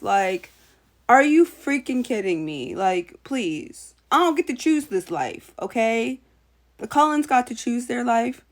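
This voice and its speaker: A woman hosting a casual opinion vlog, talking in an animated, sassy way and mocking characters in put-on voices. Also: a little high, measured pace. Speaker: channel host.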